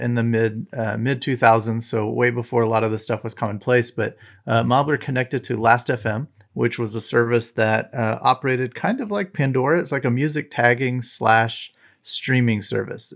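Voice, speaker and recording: Gravelly low-voiced man telling stories. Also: fairly bright tone. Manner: rambling, filler-heavy storytelling. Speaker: podcast guest, tech site founder. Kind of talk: casual reminiscing.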